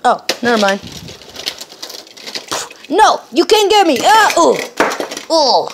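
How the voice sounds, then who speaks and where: A woman narrating an improvised hide-and-seek game with toy cars, switching between excited squeals and low mumbled asides. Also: slow pace, background noise. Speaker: storyteller voicing toy cars.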